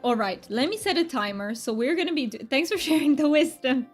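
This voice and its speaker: A woman's voice: high voice, expressive, brisk, few pauses, soft background music. A woman livestreaming a cozy game, chatting with her viewers in a bubbly, upbeat way and laughing often. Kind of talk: casual live-stream chat.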